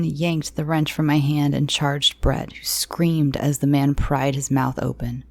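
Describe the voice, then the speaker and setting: A woman narrating a first-person horror story in a slow, hushed, tense reading. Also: low-pitched, flat delivery, dry recording.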